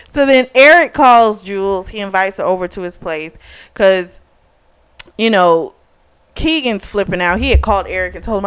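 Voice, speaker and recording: A woman reviewing a book in a casual vlog. She retells the plot frankly with swearing and lively asides, and acts out the characters' lines in animated bursts. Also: mid-range voice, unhurried, long pauses, smooth. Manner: candid, profane, opinionated retelling.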